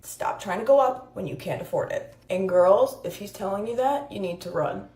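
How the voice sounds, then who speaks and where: A woman delivers blunt relationship advice to camera in a lecturing, emphatic way. Her voice sits at a middling pitch. The room is echoey around her. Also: animated, normal speed, warm tone. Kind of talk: direct-to-camera advice rant.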